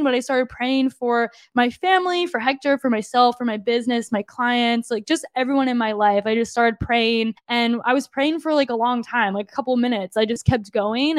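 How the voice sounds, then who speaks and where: A woman's voice: on the high side, no room sound, clean studio sound. A young woman hosting a podcast, giving an earnest, confiding personal testimony, often saying "like" and speaking straight to her listeners. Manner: earnest and confiding, frequent "like", addresses listeners as "you guys". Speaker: podcast host and fitness coach.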